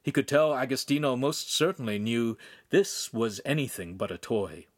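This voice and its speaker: A man narrating a young adult novel as an audiobook, with animated storytelling. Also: medium pitch, normal speed, no room sound, clean studio sound. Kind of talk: scripted narration.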